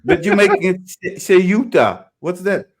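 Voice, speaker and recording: Co-host, male, fairly high voice, playful and teasing. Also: lively intonation, normal speed. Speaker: podcast co-host. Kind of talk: casual podcast chat.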